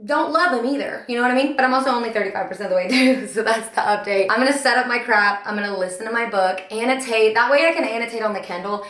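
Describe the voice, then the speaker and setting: A woman's voice: on the high side, quick pace, hardly any pauses, a bit bright, roomy sound. A young woman chatting through a casual reading vlog in a chatty, dramatic, self-mocking way while doing her nails at home. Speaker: book vlogger.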